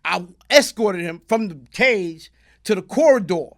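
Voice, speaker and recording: A middle-aged man, a guest telling stories in a casual interview, in animated street slang that bursts into loud shouting. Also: high voice, a little slow. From New York.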